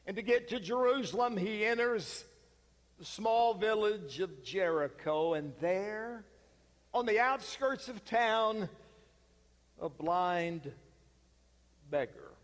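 Slow, high-voiced preacher in an echoing hall. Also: male voice. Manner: dramatic, slow retelling with pauses. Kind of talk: sermon storytelling.

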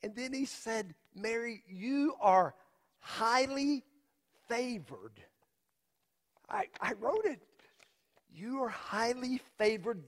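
Guy doing mary's earnest middle-aged dad, real high voice, slow and halting, big hall echo. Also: full character voice. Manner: slow, emphatic, with halting repeats and long pauses. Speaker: storyteller in a biblical monologue. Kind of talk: dramatic first-person monologue.

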